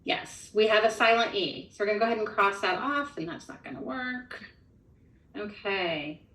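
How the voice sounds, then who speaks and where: A woman's voice: mid-range voice, expressive, moderate pace, fairly bright tone, distant mic. Woman explaining phonics step by step. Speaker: literacy trainer. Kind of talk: modeling a phonics lesson. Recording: echoey room from off-mic.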